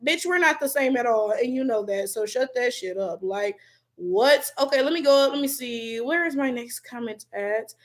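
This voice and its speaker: A woman's voice: on the high side, normal speed. A young woman from Detroit with an African American Vernacular accent, talking bluntly and profanely while reading viewer comments as a YouTube host. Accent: African American Vernacular English, Detroit. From Detroit, USA. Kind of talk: casual livestream commentary.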